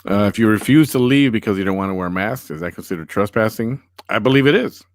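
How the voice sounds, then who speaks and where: A man's voice: lowish voice, quick pace, no echo, clean studio sound. A male podcast host chatting casually and reading out viewer comments, wry and sarcastic.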